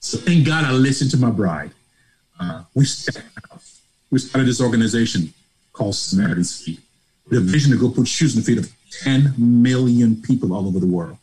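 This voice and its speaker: A middle-aged man from Nigeria, a podcast guest telling a personal story in a lively way, acting out dialogue and laughing. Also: mid-range voice, moderate pace, poor audio.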